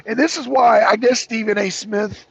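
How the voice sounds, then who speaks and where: A man's voice: high-pitched, moderate pace, creaky, fairly bright tone, husky, no echo, poor audio. A man co-hosting a talk show, giving heated political commentary in an emphatic, repetitive way with mocking asides. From United States.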